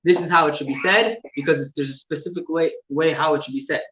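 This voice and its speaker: A man's voice: on the high side, steady tone, fairly bright tone. Man teaching in an echoey room. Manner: halting, repeats words, shows gestures. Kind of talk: explaining laws in a class. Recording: echoey room, distant mic, dull sound with faint noise.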